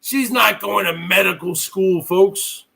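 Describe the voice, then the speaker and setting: A middle-aged man hosting his own live stream, ranting at viewers in a loud, mocking way and often breaking into shouts. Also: high-pitched, slow, vocal fry, slightly rough. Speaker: livestream host.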